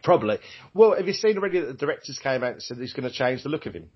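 A man's voice: medium pitch, big pitch swings, racing, husky. A man co-hosting a casual podcast, giggly and sweary, with playful put-on bits. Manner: giggly, sweary, does silly voices. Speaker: podcast co-host. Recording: dull lo-fi recording.

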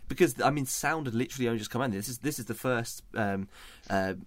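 A man's voice: medium pitch, fast talker, no echo. A man in a casual film review chat, hesitant, stammering and restarting his sentences. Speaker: podcast co-host reviewing a film.

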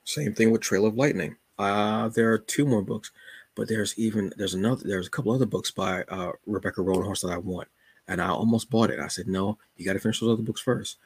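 A man hosts a solo podcast, chatting about his reading list in a laid-back, joking, colloquial way. His voice is on the low side, steady and slightly rough, and he talks briskly with no echo.

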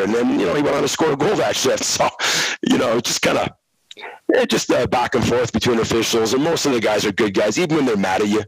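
A middle-aged man, a former hockey referee, telling relaxed stories as a guest over a video call. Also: mid-range voice, quick pace, husky, no room sound, low-quality recording. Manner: relaxed anecdotal telling, frequent restarts. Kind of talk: casual storytelling interview.

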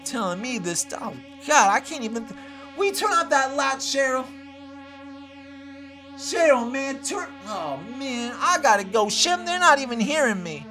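High, bright-voiced ranting woman host. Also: a little slow, soft background music. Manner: rambling, excitable, repeats herself. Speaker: host of her own show. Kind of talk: comedic ranting monologue.

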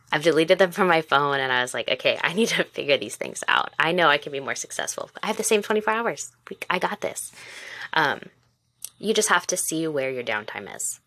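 Hosting her own casual podcast, this woman in her twenties, a mother and former teacher, talks frankly and supportively to the listener. Her low-pitched voice is animated, pushed and bright, at a moderate pace with frequent pauses and no echo.

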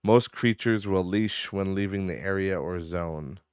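A man's voice: deep voice, measured pace, a little mellow, smooth, dry recording, clean studio sound. A man hosting a podcast in casual rambling chat, swearing and laughing often, sounding tired. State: tired, yawning. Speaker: podcast host.

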